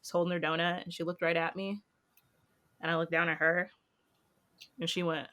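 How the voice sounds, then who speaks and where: A young woman co-hosting a casual podcast, telling a funny family story and acting out the quotes in a high, animated voice. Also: moderate pace. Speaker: podcast co-host.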